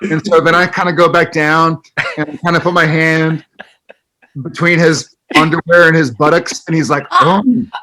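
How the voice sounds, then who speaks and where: A man telling a lively anecdote on a video call, dropping to hushed asides and mock voices. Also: on the high side, normal speed, slight background noise, poor audio. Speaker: panelist telling a story.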